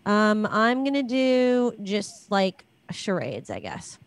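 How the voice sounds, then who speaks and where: A woman's voice: medium pitch, very animated, slow, clear, resonant tone. A woman co-hosting a live stream, chatting and teasing with a laugh. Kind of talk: casual chat.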